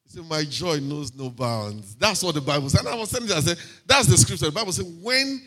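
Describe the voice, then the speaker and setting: Nigerian man preaching a lively testimony. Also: high-pitched, very fast, slightly rough. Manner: lively, punctuated by frequent hallelujahs and amens; slips into pidgin asides. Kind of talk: sermon testimony. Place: church.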